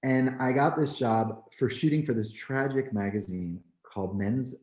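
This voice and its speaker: A man from New Jersey, a photographer, telling his story in an animated, candid way, peppering his talk with "like" and "you know.". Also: mid-range voice, normal speed. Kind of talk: storytelling in a conversation. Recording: roomy echo.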